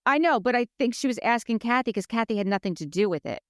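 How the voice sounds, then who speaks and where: Chatty woman with a smooth voice. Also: on the high side, fast, dry recording, studio quality. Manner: chatty, retells scenes by quoting others in lively voices. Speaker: podcast co-host. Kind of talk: casual chat recapping a reality show.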